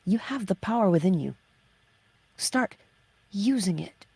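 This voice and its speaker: A woman hosting a motivational spiritual talk, asking rhetorical questions and answering them herself, sometimes dropping to a hushed whisper. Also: medium pitch, lively intonation, a little slow, creaky, breathy edge, dry recording. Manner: drops into hushed, whispered emphasis. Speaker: host of a morning inspiration livestream.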